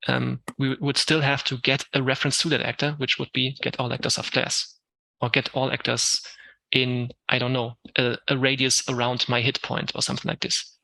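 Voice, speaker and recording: German-accented man teaching with a gravelly edge. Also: medium pitch, little pitch movement, normal speed, sharp tone, dry recording, rough recording. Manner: explains step by step, many ums, answers questions. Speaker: Unreal Engine instructor. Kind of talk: live tech talk with Q&A.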